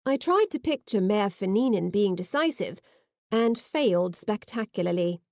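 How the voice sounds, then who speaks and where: A woman narrating an audiobook in first person with lively, expressive reading, on a close mic. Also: medium pitch, moderate pace, no echo.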